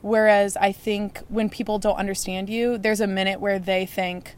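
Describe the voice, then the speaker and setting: A woman's voice: mid-range voice, moderate pace, hardly any pauses, clean tone. A young woman being interviewed on a casual podcast. She talks freely and acts out what other people say as she tells her stories. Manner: animated storyteller, acts out other people's lines. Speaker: interview guest.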